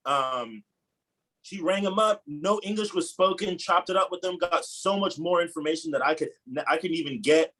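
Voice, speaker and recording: A man's voice: a little high, moderate pace, fairly bright tone, rough recording. Laid-back agent man with slang. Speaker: real estate agent. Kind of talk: casual anecdote on a video call.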